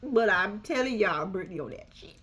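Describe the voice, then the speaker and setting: A woman with a medium-pitched voice recaps a reality TV episode at normal speed, her commentary casual, profane and sassy. She tells it as animated storytelling, acting out the people involved.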